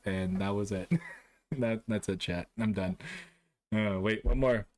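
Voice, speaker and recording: Unhurried, jokey male streamer. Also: fairly low pitch, steady tone, darkish tone. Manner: jokey, self-mocking, laughs often. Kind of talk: casual live-stream chat while playing a guessing game.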